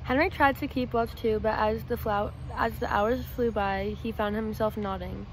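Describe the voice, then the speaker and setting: A woman's voice: a little high, fairly even intonation, normal speed, slight background noise, poor audio. A woman reading a children's storybook aloud in a casual way, with small slips. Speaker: student reader.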